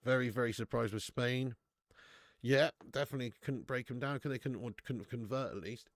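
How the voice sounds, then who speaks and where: A man hosts a football watch-along stream, trading slangy, jokey banter and laughing often. He speaks at a middling pitch, and the close mic leaves his voice dry. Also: moderate pace, dry recording. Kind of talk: live stream commentary and chat.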